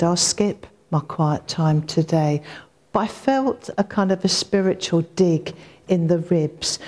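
A woman's voice: lowish voice, darkish tone. A woman preaching a sermon in an earnest, reflective way, repeating key lines for emphasis.

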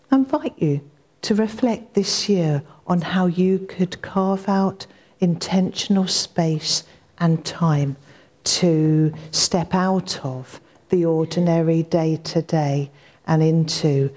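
A woman's voice: lowish voice, a little mellow. A woman preaching a sermon in an earnest, reflective way, repeating key lines for emphasis.

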